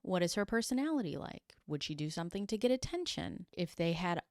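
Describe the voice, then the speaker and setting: A woman telling a true crime story with animated energy, slipping into quick impressions of the people involved. Her voice sits a little low, and the sound is close and dry. She adds sarcastic asides. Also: no room sound. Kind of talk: casual true crime retelling.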